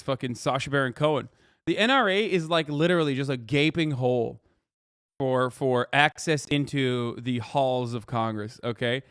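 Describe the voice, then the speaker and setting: A man in his thirties livestreams his reaction to a news video, talking to his chat in a heated, profane rant. His voice is smooth and resonant. He sits close to the mic in a dead, dry room. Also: mid-range voice, a bit bright, no room sound. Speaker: livestream commentator.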